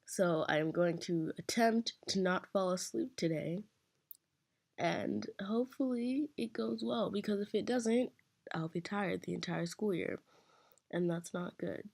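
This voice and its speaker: A teenage girl hosting a casual build commentary, her voice hoarse from just waking up, rambling along in a chatty, self-deprecating way. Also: fairly low pitch, unhurried, a little mellow. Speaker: Sims builder channel host.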